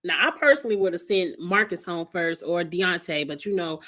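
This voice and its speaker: A woman's voice: on the low side, moderate pace. A woman recapping a reality TV show in a casual vlog, chatty and slangy, cursing freely and talking straight to her viewers. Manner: animated, talks straight to viewers. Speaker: reality TV reviewer.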